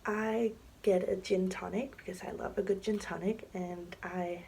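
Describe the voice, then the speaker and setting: A woman's voice: medium pitch, fairly even intonation, a little slow, gravelly, darkish tone, slight background noise, low-quality recording. A young woman telling a story on her vlog in a chatty, casual way, full of fillers and often dropping into a whisper. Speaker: vlogger. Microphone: camera mic, sitting to film.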